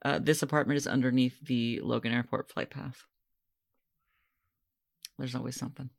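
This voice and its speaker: A man's voice: mid-range voice, level tone, moderate pace, creaky. A man in his thirties from Maine hosting a podcast, chatty and self-deprecating in casual conversation. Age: 30s. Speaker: podcast host. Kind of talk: casual chat.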